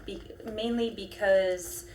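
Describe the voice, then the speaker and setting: A woman's voice: medium pitch, steady tone, slow, a little mellow, slight background noise. Candid, emotional woman in her forties. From New York. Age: 40s. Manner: candid, emotional, laughs often. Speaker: documentary subject. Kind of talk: candid reality footage.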